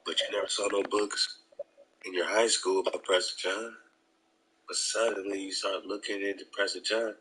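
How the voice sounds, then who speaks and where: Deep-voiced forceful male vlogger. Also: little pitch movement, normal speed, a little hiss or hum, low-quality recording. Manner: slangy, keeps saying "man"; emphatic, preachy. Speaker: vlog host. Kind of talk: casual vlog talk.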